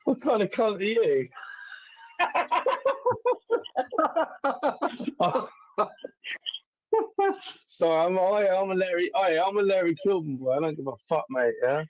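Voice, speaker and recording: A man's voice: high-pitched, sing-song, slow, long pauses, no echo, lo-fi sound. A man from North London with a London accent, calling into a live stream and talking in a swaggering, sweary way. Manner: swaggering, sweary, laughs a lot. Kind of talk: brash live-stream chat.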